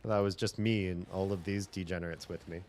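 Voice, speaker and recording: A man's voice: sits low, steady tone, a little fast, darkish tone. A male streamer chatting casually with viewers, rambling and lecturing about language and accents. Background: faint game music.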